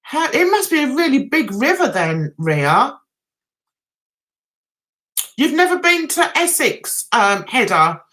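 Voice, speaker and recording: A woman's voice: high-pitched, big pitch swings, takes it slowly, pauses often, fairly bright tone. A middle-aged woman from London with a London accent, chatting casually with viewers on a livestream, greeting them by name and reading out their comments. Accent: London English. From London, England. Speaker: livestream host.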